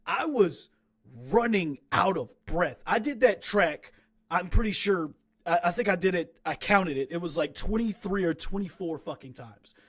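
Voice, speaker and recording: A man's voice: high-pitched, animated, moderate pace, fairly bright tone. A young man talking casually from his small home recording room, critiquing his own rap track in a rambling, frank, self-deprecating way with many restarts.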